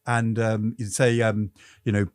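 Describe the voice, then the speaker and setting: A middle-aged man, a former politician, telling stories in lively casual chat as a podcast co-host. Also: lowish voice, unhurried, no room sound, clean studio sound. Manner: animated, storytelling.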